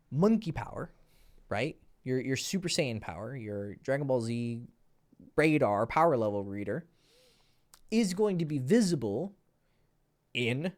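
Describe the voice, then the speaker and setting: A man, a dating coach, telling a story casually, animated, laughing and swearing freely. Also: medium pitch.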